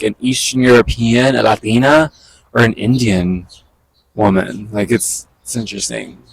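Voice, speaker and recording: A man chatting casually into a handheld camera outdoors in a park, excitable and quick with asides, talking to the birds around him. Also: medium pitch, no echo, rough recording. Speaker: vlogger. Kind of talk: casual outdoor vlog chat.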